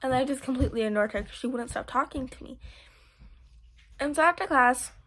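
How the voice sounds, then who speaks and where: A woman's voice: sits high, fairly quick, background noise. A teenage girl telling a rambling, giggly story to her viewers, full of fillers and restarts. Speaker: vlogger. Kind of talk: casual storytelling to camera.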